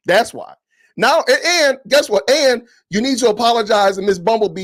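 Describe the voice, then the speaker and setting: Podcast guy going off on a comment, indignant and preachy, high lively voice. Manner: animated, indignant ranting, preachy. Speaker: podcast host. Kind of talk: livestream commentary reading comments.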